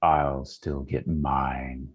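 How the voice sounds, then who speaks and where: A man putting on a slow, sinister voice in your head. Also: little pitch movement, husky, full character voice. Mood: taunting. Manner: slow, low, taunting. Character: sinister disembodied voice in a character's head.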